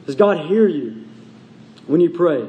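High-voiced man preaching in a reverberant hall. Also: animated, highs cut off. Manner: earnest preaching, slows and drops low on key phrases. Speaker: pastor. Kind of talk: sermon.

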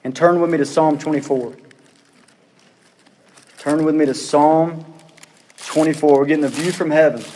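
A man's voice: on the high side, steady tone, normal speed, long pauses, warm tone, in a large hall, slight background noise. A man preaching a sermon as pastor, earnest and full of rhetorical questions, repeating his phrases for emphasis.

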